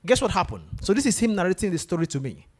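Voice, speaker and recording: A man giving a motivational talk to students in a lecture room. He is animated and keeps questioning his audience directly. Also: high-pitched, fast. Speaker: guest speaker at a university.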